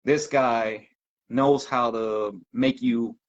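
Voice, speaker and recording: Halting man on lo-fi audio. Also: mid-range voice, steady tone. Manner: halting, many ums. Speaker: podcast guest. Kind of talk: casual conversation. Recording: dull lo-fi audio.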